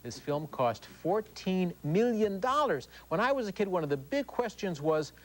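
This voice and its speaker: A man's voice: high voice, big pitch swings, moderate pace, hardly any pauses, rough recording. A man giving a sarcastic, joke-filled movie review as a television film critic. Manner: sarcastic, wisecracking.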